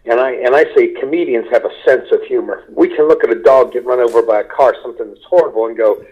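An older man from Kentucky, a comedian guest, telling stories at an easy, unhurried pace. His voice sits in a middle pitch. The audio is dull and lo-fi. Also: slightly rough. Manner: unhurried anecdotes, mimics people in quotes. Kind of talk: relaxed storytelling interview.

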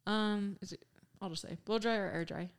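A woman's voice: mid-range voice, fairly quick, clean tone. A young woman, a mom, chatting casually into a microphone and telling a story with lots of laughter. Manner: giggly, animated storytelling. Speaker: co-host. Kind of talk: casual chat.

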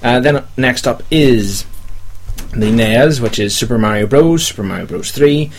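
Man, podcast host, mid pitch, rambling, hesitant. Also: animated, measured pace, slight background noise. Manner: rambling, hesitant, many ums. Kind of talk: casual chat, reading a list.

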